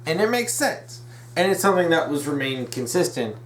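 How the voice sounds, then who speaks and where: A man's voice: fairly high pitch, big pitch swings, normal speed, a bit bright, a little hiss or hum. A young man hosting a casual fan commentary video, rambling, restarting his sentences and correcting himself with eager, opinionated enthusiasm. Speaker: video essay host.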